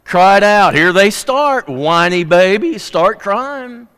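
Emphatic, folksy preacher in a reverberant hall. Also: male voice, expressive, slow, clean tone. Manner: emphatic, swings from loud punchy bursts to low quiet asides; folksy, humorous. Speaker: pastor. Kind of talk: sermon.

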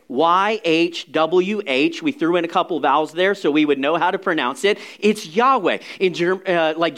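A pastor with a high, light man's voice preaches to his congregation. His sermon is conversational and animated, with casual asides and quick explanations.

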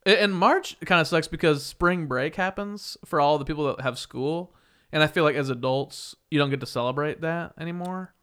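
A man's voice: on the high side, normal speed, hardly any pauses, a bit bright, clear, resonant tone. A man hosting a podcast in a casual, easygoing chat. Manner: easygoing, laid-back, chuckles often. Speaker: podcast host.

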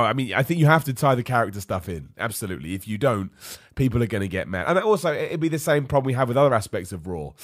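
A man's voice: mid-range voice, no echo, studio quality. A man hosting a live wrestling podcast, opinionated and ranty, ill and losing his voice. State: ill, voice going. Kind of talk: live-streamed podcast rant.

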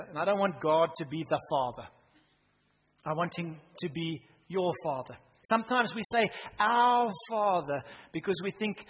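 A man preaching a sermon in church, swinging from loud emphasis down to a hushed near-whisper. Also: high voice, slightly rough. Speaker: pastor. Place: church hall. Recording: reverberant church hall, faint noise.

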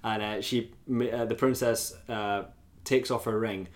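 A man co-hosting a casual podcast, blunt and sweary, quick to laugh. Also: lowish voice, fairly even intonation. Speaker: podcast co-host. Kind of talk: casual chat.

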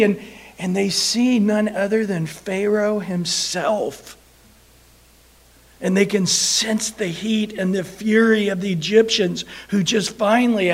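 A man preaching a sermon, telling a Bible story in an animated way and acting out the quoted voices of the people in it. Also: high-pitched.

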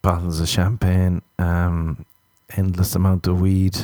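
A rambling man talks on his own in a loose, jokey monologue, dropping self-mocking asides as he goes. His voice sits low, and the sound is close and dry, with no room around it. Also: little pitch movement, measured pace, mellow, dry recording. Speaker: comedian and author.

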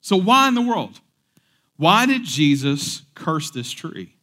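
A young adult male pastor gives a conversational sermon, blending scripture reading with jokey asides, fillers and restarts. He speaks slowly in a slightly high, bright, forceful voice with big pitch swings.

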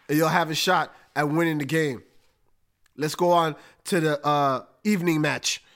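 A man talks through football picks with emphatic energy and street slang. His voice sits a little high for a man. He speaks like a casual host chatting with his listeners. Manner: animated, emphatic, folksy with slang. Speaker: podcast host. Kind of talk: casual sports analysis.

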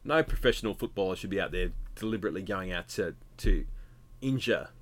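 A man's voice: low-pitched, lively intonation, fast. A man, co-hosting a casual sports chat, blunt and opinionated. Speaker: podcast co-host.

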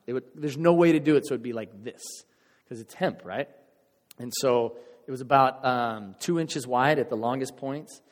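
A male pastor giving a sermon in a church, telling a story in a casual, animated way and acting out the crowd's voices. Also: mid-range voice, normal speed, big-room sound.

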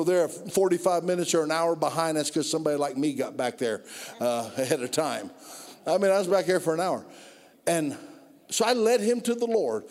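A man preaching a sermon, telling stories and building from low, quiet passages to loud, drawn-out climaxes. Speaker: pastor. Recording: long reverb of a hall.

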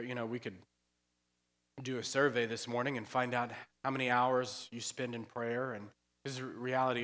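With a mid-range voice that is bright and forceful, a male pastor keeps his sermon chatty and conversational, joking in asides and laughing often with the congregation. The church sanctuary's long reverb rings behind him.

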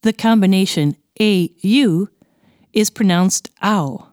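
Woman, language teacher, scripted lesson narration, slow, clear, deliberate, mid pitch. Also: lively intonation, darkish tone.

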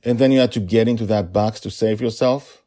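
A man's voice: lowish voice, fairly quick, voice pushed up, natural voice. A man voicing a devoted father who calls out to his frightened daughter and then comforts her. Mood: soothing. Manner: urgent shouting, then soothing. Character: a determined, loving father rushing to his daughter.

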